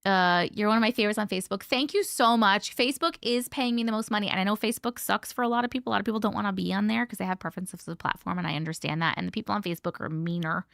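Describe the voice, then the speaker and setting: A woman hosts a live stream reading viewer stories, chatting casually, rambling, swearing freely, and thanking viewers by name as she reads their comments. Her mid-range voice is gravelly and fairly bright, rapid-fire with few pauses, in echo-free studio-quality sound.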